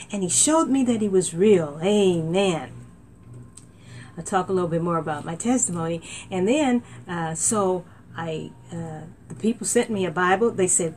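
A middle-aged woman preaching a sermon as a minister, talking loosely with fillers and restarts and rising to excited exclaims. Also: fairly low pitch, normal speed, a little hiss or hum. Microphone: laptop.

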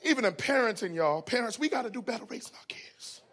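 A male preacher with a strikingly high voice delivers a sermon full of funny stories. His tone is bright and forceful. He jumps from near-shouted punchlines to soft, hushed asides. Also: quick pace. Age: adult with children. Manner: animated, swings from loud exclamations to hushed asides. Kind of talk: sermon with humorous storytelling.

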